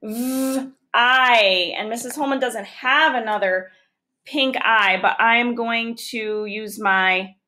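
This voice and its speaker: A woman's voice: a little high, steady tone, takes it slowly, sharp tone. A woman teacher giving a recorded phonics lesson to young children, patiently sounding out letters and syllables one by one.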